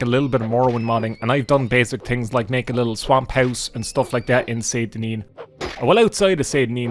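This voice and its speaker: A man with an Irish accent giving rambling, chatty let's-play commentary as a gaming YouTuber, swearing casually as he plays. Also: medium pitch.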